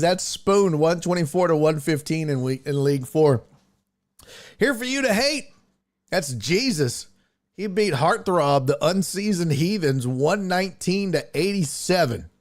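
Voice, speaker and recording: A man hosting a sports podcast, casually teasing listeners and reading out fantasy league scores. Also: sits high. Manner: playful teasing, reads fantasy league results. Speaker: podcast host.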